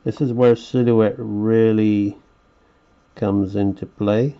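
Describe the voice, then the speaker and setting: A man's voice: on the low side, steady tone, slow, lo-fi sound. A man teaching a live drawing lesson, rambling and chatty and thinking aloud as he sketches, heard through a webcam microphone. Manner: rambling, chatty, talks to himself while sketching. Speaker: animation teacher.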